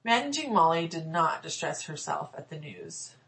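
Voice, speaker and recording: A woman reads a fairy tale aloud as an audiobook narrator, in a measured, storytelling way. Her voice sits somewhat low. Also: very animated, gravelly, fairly bright tone, slight background noise, poor audio. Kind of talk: scripted narration.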